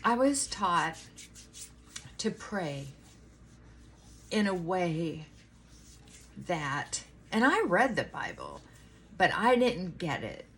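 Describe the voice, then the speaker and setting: A woman's voice: on the low side, sing-song, drawn-out words, long pauses, fairly bright tone, a little hiss or hum. A middle-aged woman chatting casually to her viewers in her bedroom, rambling with asides to her dog. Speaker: vlogger. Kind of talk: casual morning chat.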